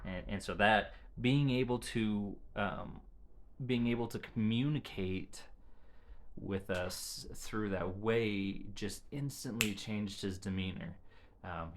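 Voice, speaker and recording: A man speaks to his own camera in a casual vlog update, his voice sitting on the low side. He talks haltingly, pausing and restarting phrases as he gathers his thoughts. A faint hiss runs under the recording. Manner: halting, searches for words, often restarts phrases. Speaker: father giving a family update. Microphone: camera he adjusts himself.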